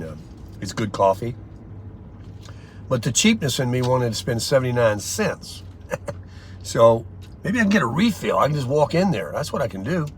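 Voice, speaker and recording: An older man with a mid-pitched voice talks casually into a camera from his car. His story wanders, broken up by ums, pauses and restarts. Nothing about his voice is unusual. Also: fairly bright tone, slight background noise. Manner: rambling, chatty storytelling with frequent pauses and fillers. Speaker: vlogger. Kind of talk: casual daily vlog chat.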